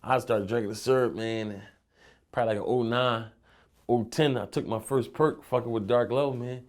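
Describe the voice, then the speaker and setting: Here the Philly rapper keeps a steady tone in a mid-range voice at normal speed. In a relaxed interview, he rambles through streetwise stories heavy on profanity and "you know what I'm saying."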